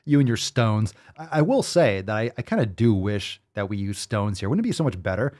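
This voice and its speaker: An American man hosting a casual commentary show, reading news stories and riffing on them with profane, animated remarks. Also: lowish voice, moderate pace. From United States. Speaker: host.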